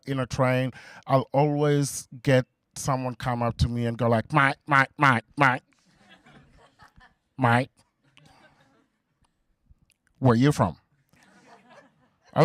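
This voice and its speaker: A young man doing a stand-up comedy set, halting and full of fillers, on a stage mic in front of a live audience. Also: mid-range voice, no room sound, studio quality. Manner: halting, with many fillers and restarts. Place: comedy venue before a laughing crowd.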